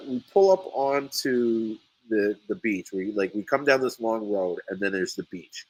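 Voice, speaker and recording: A man hosting a casual chat, telling a story with lots of energy, laughing often and voicing the people in it loudly. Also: on the low side, poor audio. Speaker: sea moss farmer and podcast host.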